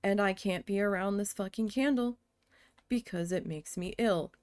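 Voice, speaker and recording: A woman streaming a building game, telling a story in a casual, venting way with a lot of swearing, and muttering quietly to herself while she builds. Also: mid-range voice, normal speed, dry recording. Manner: chatty venting with frequent swearing.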